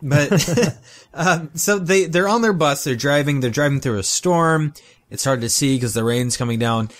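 A man's voice: on the high side, measured pace. Joking man co-hosting a podcast. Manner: joking, animated retelling of cartoon scenes. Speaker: podcast co-host. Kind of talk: casual chat.

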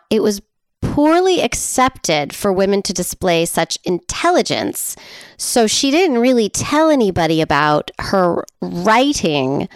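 A chatty woman podcast co-host walks her listener through a historical life story, laughing easily along the way. Her voice is smooth and resonant, recorded dry and close. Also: mid-range voice, dry recording. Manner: laughs a lot, chatty and playful. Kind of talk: casual chat telling a history story.

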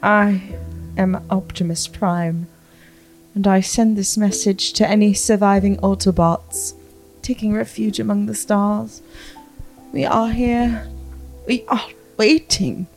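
A woman guest on a comedy podcast, speaking in a quiet, dry, deadpan way. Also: mid-range voice, slow, faint music behind.

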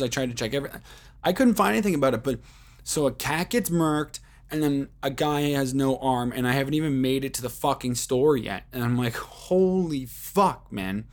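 A man hosting a podcast, telling a rambling story in casual talk, with heavy swearing and many fillers like "like" and "um". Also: fairly high pitch. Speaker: podcast host.

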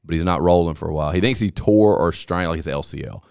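A man's voice: deep voice, fast talker, creaky, a little mellow, clear, resonant tone, no echo, clean studio sound. A man hosting a casual podcast chat, laid-back and rambling, often repeating himself. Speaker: podcast host.

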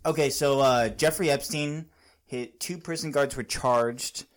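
A man's voice: mid-range voice, measured pace, slight background noise. A young man hosting a casual podcast chat, rambling and restarting his sentences. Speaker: podcast host.

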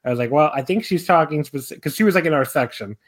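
A man's voice: on the high side, quick pace. Give me a young man in casual chat, rambling with fillers and restarts. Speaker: podcast co-host.

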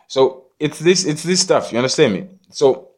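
A man's voice: on the high side, animated, normal speed, darkish tone. A man rambling to his viewers in a preachy monologue, repeating himself and often asking if they understand him. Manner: rambling, repetitive, preachy, swears, keeps asking "you understand me?". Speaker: vlogger.

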